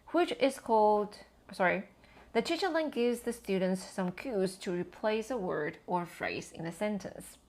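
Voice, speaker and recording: A woman educator giving a scripted lesson on language teaching, with measured, explanatory delivery. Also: mid-range voice. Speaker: TESOL educator.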